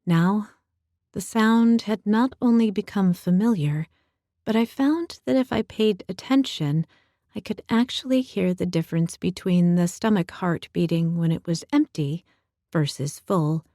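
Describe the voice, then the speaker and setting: A woman narrating a first-person audiobook in a calm, measured, intimate way, close to the mic. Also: mid-range voice, no echo.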